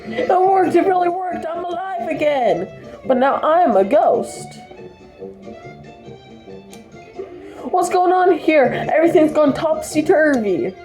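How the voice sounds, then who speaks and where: A woman's voice: expressive, a little slow, music in the background, low-quality recording. Woman doing Ms. Chalice, perky cup girl. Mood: astonished. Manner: bright and eager, pitched up. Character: cheerful female cup heroine, spirited.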